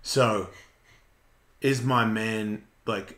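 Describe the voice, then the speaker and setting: A man in his forties hosting a radio show, talking in a casual, blunt, profane and animated way. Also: medium pitch, normal speed. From Australia. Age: 40s. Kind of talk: casual chat.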